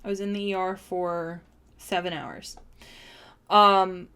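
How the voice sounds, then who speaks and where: A woman's voice: fairly low pitch, flat delivery, slow, bright, forceful tone, smooth. A woman giving a chatty, rambling oracle card reading on a live stream, with many ums and restarts. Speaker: tarot reader.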